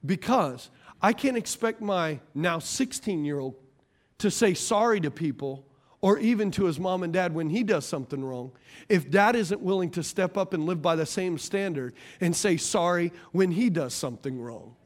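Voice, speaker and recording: A man in his forties preaches a sermon with a high voice. He is animated and jokes often, and his voice swings from loud bursts to near hushes. He keeps checking in with the congregation for amens. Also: normal speed. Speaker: pastor.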